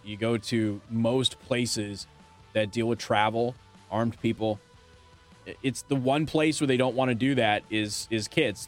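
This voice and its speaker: A man hosting a talk radio show, making his points with pointed rhetorical questions and hiccuping now and then. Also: medium pitch. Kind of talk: opinionated talk radio monologue.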